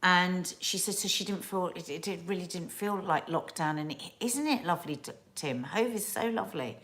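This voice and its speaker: A middle-aged woman from England chats loosely on a home live stream, full of restarts and asides as she reads out viewer messages. Her voice sits a little low for a woman. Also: moderate pace, a bit bright. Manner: chatty, rambling, with restarts and asides. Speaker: host of a family live stream. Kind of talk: casual live-stream chat reading viewer comments.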